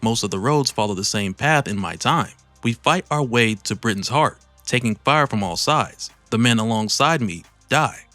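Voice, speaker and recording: A man's voice: medium pitch, animated, normal speed, hardly any pauses, pushed and bright, no echo, faint music behind. Doom, a man reading an imperious armored monarch. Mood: commanding. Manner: grand, formal, commanding reading. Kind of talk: read-aloud comic narration.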